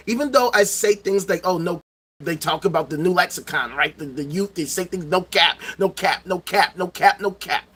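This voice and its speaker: High, bright-voiced man ranting profanely. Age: middle-aged. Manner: loud, profane, repetitive rants. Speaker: streamer. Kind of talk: ranting livestream monologue.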